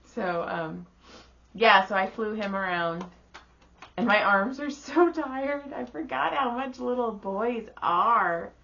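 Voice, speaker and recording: A woman's voice: mid-range voice, expressive, takes it slowly, creaky, sharp tone. A woman in her thirties, co-hosting a casual podcast, joking bluntly and swearing freely. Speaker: podcast co-host. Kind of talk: casual chat. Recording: dull lo-fi podcast audio.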